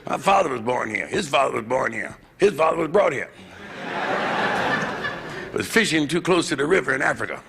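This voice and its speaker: Stand-up comic, man in his fifties, gravelly raised voice that leaps around a lot, noisy live club recording. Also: sing-song, moderate pace, pauses often. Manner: gravelly, bawdy, swings into loud high put-on voices. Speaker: stand-up comedian. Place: live club stage with audience.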